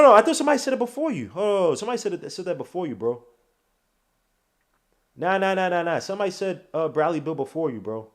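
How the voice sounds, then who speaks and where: A man hosts a casual sports podcast from his computer desk. His voice sits at a middle pitch, loud and animated, full of street slang. He trails off into mumbles whenever he searches his screen. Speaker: podcast host. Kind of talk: casual live-stream sports talk.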